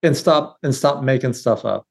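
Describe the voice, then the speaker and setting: This man, a real estate business leader, is a guest in a casual podcast interview. His mid-range voice is creaky and moves at a moderate pace, and he talks bluntly and energetically, frequently restarting his phrases.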